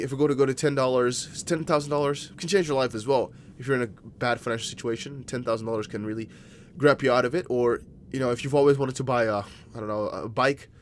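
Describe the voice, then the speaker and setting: A man's voice: mid-range voice, slight background noise. Chatty young non-native English man. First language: not English. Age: young adult. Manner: chatty, rambling, with frequent restarts and apologetic asides. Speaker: crypto livestream host. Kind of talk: casual live-stream chat reading viewer comments.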